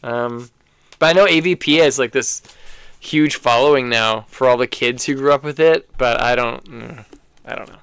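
A man's voice: medium pitch, moderate pace, vocal fry, fairly bright tone, clear, resonant tone, no echo. A man hosting a podcast in casual chat, enthusiastic and swearing freely. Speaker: podcast host.

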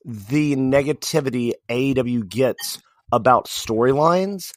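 A man co-hosting a podcast, talking in a casual, animated way with many fillers and restarts. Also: medium pitch, unhurried. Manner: animated, rambling wrestling fan talk with fillers. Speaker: podcast co-host. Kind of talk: casual chat.

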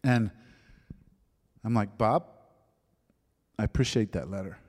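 A man in his fifties telling his conversion story as a sermon testimony, shifting from lively storytelling to soft, hushed moments. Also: lowish voice, takes it slowly. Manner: storytelling, drops to soft whispers at emotional moments. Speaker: preacher giving a testimony. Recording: long hall reverb.

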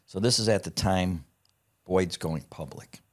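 A middle-aged man telling a profane, lively anecdote in casual conversation. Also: low voice, unhurried. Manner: profane, animated anecdote teller. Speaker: guest. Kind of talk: casual storytelling.

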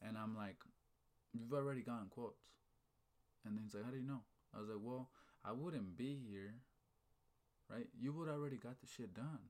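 A man's voice: medium pitch, normal speed. A man in casual chat, telling a story with energy, asking "right?" and "okay?" often, with casual swearing and talk of faith. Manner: animated storyteller, fired up, repeats "right?" and "okay?".

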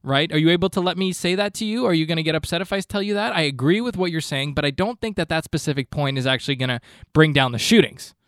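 A male comedian hosting a podcast, with a voice that sits a bit high and a deadpan, falsely earnest delivery. He rambles, trips over his words and restarts before landing each joke. The sound is close and dry, with no room around it. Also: fast, dry recording. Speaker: podcast host. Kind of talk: comedic monologue.

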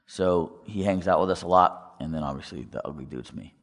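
A man with a very low voice tells a story to a congregation, slipping into the voices of the people he quotes. He asks the crowd questions now and then, and his voice rings with the long reverb of a large hall. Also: brisk. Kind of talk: testimony talk to a congregation.

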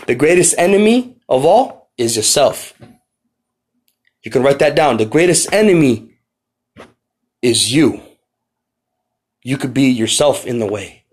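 Male podcast preacher, mid-pitched, impassioned, repeats lines for emphasis. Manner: impassioned, rising to near shouts when reading scripture. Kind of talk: podcast sermon.

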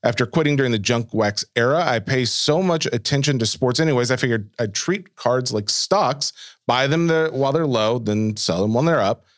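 A man co-hosts a podcast, reading listener mail aloud and answering in an easygoing, casual way. His pitch sits in the middle range. The sound is dry and close on a studio mic. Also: moderate pace, no room sound. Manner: reads listener mail aloud, relaxed with fillers. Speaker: podcast co-host. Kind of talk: casual chat.

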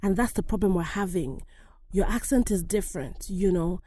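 A woman voicing a smooth-talking, condescending female talent agent who talks in a patronizing way. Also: medium pitch, moderate pace, dark tone, natural voice. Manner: patronizing, sweet then blunt.

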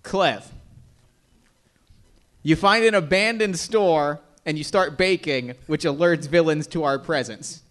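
A man acting as game master, talking in a mock-managerial, deadpan boss tone. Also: on the high side, takes it slowly. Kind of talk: improvised tabletop game narration.

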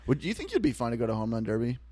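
Animated young man bantering. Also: medium pitch, slightly rough. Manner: playful, teasing, quick banter. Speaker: podcast co-host. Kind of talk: casual chat.

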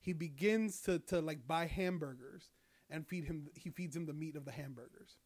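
A man's voice: fairly high pitch, moderate pace, a little mellow. A young man casually retelling a story, rambling and profane, with lots of fillers. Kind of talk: casual chat.

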